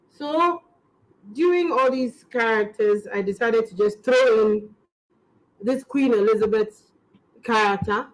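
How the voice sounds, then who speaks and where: Speaking at a normal pace in a slightly high voice, this comedian from Ghana tells rambling, laughter-filled stories in Ghanaian-accented English. She's a lively, casual interview guest. The recording quality is poor.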